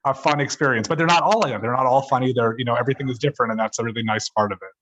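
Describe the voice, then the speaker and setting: A man's voice: mid-range voice, racing, fairly bright tone. A man interviewing a film director, chatty and friendly as he asks questions.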